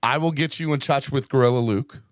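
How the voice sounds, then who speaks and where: A man hosting a fan podcast in an excitable, casual way. He repeats himself and keeps calling people "man" and "bro". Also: medium pitch, brisk, dry recording, clean studio sound. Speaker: podcast host. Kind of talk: casual chat.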